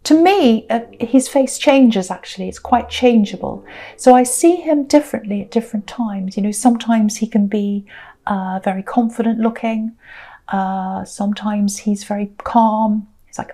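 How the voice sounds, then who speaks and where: Mellow-voiced woman reading tarot. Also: fairly high pitch, normal speed. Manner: chatty, searching, repeats herself. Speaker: tarot reader. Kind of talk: casual spoken tarot reading.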